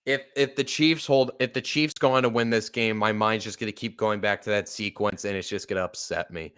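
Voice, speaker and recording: A man giving live fan play-by-play commentary as a podcast host, swearing and apologizing between excited play calls. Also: lowish voice, brisk, smooth. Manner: swearing, apologetic and upset, bursts of excitement on plays.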